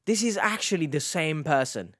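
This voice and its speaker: A man's voice: on the high side, moderate pace. Sarcastic man hosting a reaction video. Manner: sarcastic, animated, mocking asides. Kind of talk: casual commentary.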